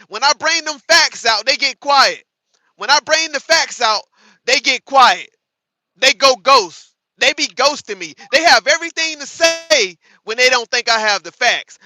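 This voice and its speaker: A man's voice: extremely high pitch, sharp tone, dry recording, rough recording. A man hosting a livestream, reacting to clips and taunting his chat in a profane, combative way with lots of repetition. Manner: repeats lines for emphasis. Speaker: livestream host. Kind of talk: live reaction commentary to chat.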